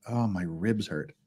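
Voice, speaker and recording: A man hosting a casual legal commentary stream, sarcastic and mocking, laughing often, with a slightly thick tongue. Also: lowish voice.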